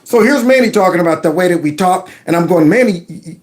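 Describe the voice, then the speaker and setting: Quick-paced and lively in intonation, this high-pitched man hosts a political commentary livestream. He plays clips and answers them with sarcasm and ridicule.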